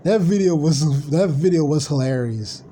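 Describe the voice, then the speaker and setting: A man's voice: fairly high pitch, moderate pace, warm tone, a little hiss or hum. A man ranting casually on a live stream, blunt, profane and rambling.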